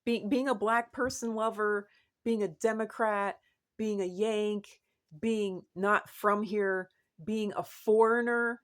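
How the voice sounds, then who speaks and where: A woman vlogger talking casually to the camera, rambling and repeating herself, with sudden animated rises in her voice. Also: medium pitch, slow pace. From United States.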